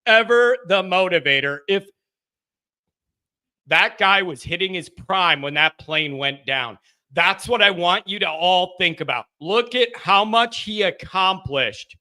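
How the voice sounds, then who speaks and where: A man hosting a live sports call-in show in casual chat, animated and laughing often. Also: high voice, unhurried.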